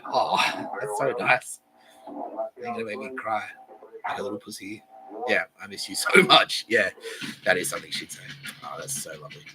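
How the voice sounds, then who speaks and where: A man's voice: on the low side, moderate pace, a crowd in the background, rough recording. A man hosting his own podcast in a rambling, profane monologue, often laughing and sometimes dropping to a mutter. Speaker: podcast host.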